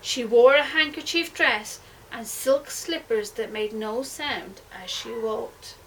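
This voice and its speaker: A woman, a primary school teacher, reading a picture book aloud expressively and dropping to a hush at tense moments. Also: fairly high pitch, slow pace, distant mic, slight background noise, rough recording. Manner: expressive, hushed at suspense.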